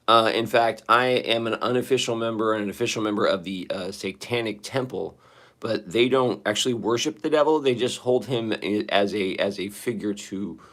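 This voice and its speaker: A man talking into his phone on a loose live stream, his voice hoarse and shaky as though he sang too hard last night. He rambles, restarts his sentences, and swears casually while chatting with his viewers from the bathroom. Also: on the low side, moderate pace, fairly bright tone. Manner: rambling, profane, talking to chat. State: hoarse, shaky voice after singing. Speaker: livestreamer. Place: sitting in a bathroom.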